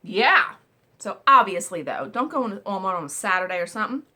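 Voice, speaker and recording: A woman hosting a casual storytelling vlog, animated and exclamatory, swearing now and then while she eats. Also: mid-range voice, fairly quick. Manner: eating while talking. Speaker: vlog host.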